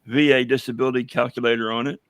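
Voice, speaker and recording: A hoarse man chatting casually on a livestream as a veteran guest, rambling with many fillers and telling jokes. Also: mid-range voice, little pitch movement, quick pace, a bit bright, dry recording. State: hoarse, losing his voice. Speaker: veteran guest running a coffee business.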